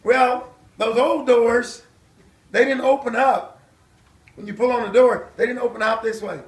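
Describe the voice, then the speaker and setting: Older male guest speaker, very high voice, lively storyteller, miked from far off in a reverberant hall. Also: a little slow. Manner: animated storyteller, acting out voices and shouts. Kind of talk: storytelling testimony at a church event. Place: church hall.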